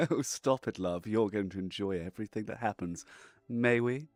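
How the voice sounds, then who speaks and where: A man's voice: on the low side, animated, moderate pace, close to an everyday voice. A man putting on a camp, flamboyant noble fop. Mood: teasing.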